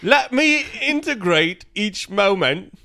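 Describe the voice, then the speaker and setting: A man putting on an exaggerated mock-British accent to read a sappy poem aloud, slow and sing-song. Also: sits high, sing-song, sharp tone, pitched above the performer's own voice, exaggerated voice. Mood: theatrical. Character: prim old-fashioned British nanny-type poem reader.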